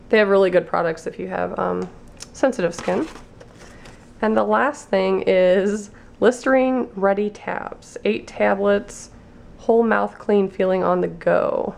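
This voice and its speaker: Gravelly-voiced woman doing a casual unboxing. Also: mid-range voice. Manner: chatty, reads labels aloud slowly. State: losing her voice. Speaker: beauty vlogger.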